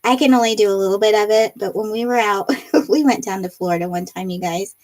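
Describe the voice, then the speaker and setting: In her home craft room, a woman runs a live crafting stream, chatting bubbly and laughing a lot as she reads comments from viewers. Her medium-pitched voice is a little mellow, and she talks at a quick pace.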